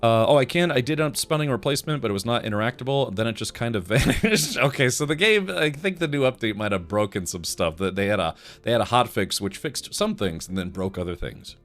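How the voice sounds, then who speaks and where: A man's voice: mid-range voice, expressive, fast, hardly any pauses, a bit bright, soft background music. A man hosting a casual livestream, joking and rambling as he reads chat messages aloud. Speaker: livestream host.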